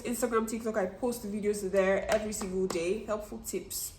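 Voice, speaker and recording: A woman's voice: mid-range voice, steady tone, a little fast, hardly any pauses, reverberant, slight background noise. A woman teaching French online, who puts questions to her learners and then answers them herself. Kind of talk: online language lesson.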